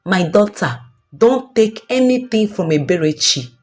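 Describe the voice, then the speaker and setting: A woman's voice: mid-range voice, lively intonation, a little slow, soft background music, natural voice. A woman voicing an older mother who earnestly warns her daughter. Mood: alarmed. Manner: warning, earnest and urgent. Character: worried, protective older mother.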